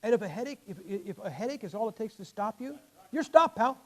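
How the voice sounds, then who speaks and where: A man's voice: sits high, lively intonation, fairly quick, darkish tone, rough recording. A man in his sixties preaching a sermon in a blunt, folksy, emphatic way, his damaged vocal cords leaving him short of air at the ends of sentences.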